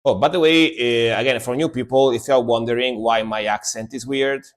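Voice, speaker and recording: A man's voice: medium pitch, steady tone, normal speed. A man from Italy with an Italian accent, streaming music reactions in casual, rambling commentary that repeats words and pokes fun at himself.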